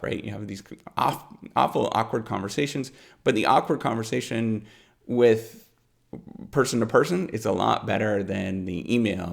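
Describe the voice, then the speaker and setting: A man's voice: fairly low pitch, creaky. A middle-aged man, a professor, giving rambling unscripted advice with lots of fillers and repeated words. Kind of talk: unscripted advice talk to camera.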